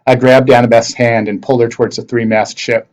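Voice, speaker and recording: A man at a middle pitch reads a novel aloud to his class. He narrates expressively, like a teacher sharing a chapter with students. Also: flat delivery, fairly quick, a little mellow, low-quality recording.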